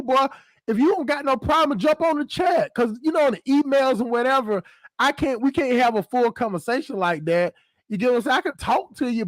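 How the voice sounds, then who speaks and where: A man's voice: very high-pitched, no room sound. A man hosting a casual livestream chat, rambling and slangy, laughing often. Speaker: host.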